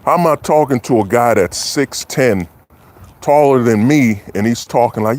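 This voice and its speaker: A man's voice: medium pitch, normal speed, darkish tone. Opinionated man ranting on a livestream. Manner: preachy, repetitive, keeps asking "you know what I'm saying". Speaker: livestream host. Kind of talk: opinionated casual monologue.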